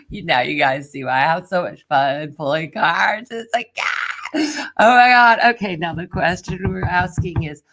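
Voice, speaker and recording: A woman streaming a live tarot reading, excitable and laughing a lot, dropping to whispers and then bursting into shouts. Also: fairly low pitch, unhurried. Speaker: tarot reader.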